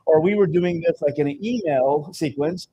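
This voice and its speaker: A man's voice: a little high, normal speed, highs cut off, slight background noise. A man speaking as a seminar host to a live audience in an event room, telling stories energetically and checking in with "okay?" often. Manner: energetic storytelling, constant "okay?" check-ins.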